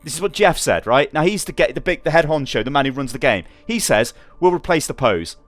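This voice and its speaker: A man's voice: fairly high pitch, expressive, fast, fairly bright tone, no echo, faint music behind. Exasperated man ranting sarcastically. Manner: exasperated, sarcastic, swears freely. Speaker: gaming commentator. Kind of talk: ranting gameplay commentary.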